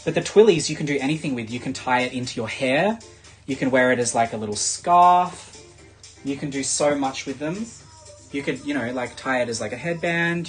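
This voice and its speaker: An Australian man hosting a live shopping stream, chatting in a casual sales pitch full of fillers.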